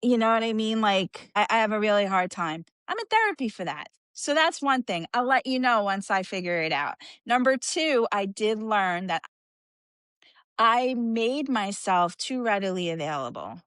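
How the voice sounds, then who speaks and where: A woman's voice: mid-range voice, lively intonation, moderate pace, a bit bright, clear, resonant tone, no room sound. A woman co-hosting a podcast in casual chat, talking freely with lots of fillers. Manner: chatty, filler-heavy, frequent "like". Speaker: podcast co-host.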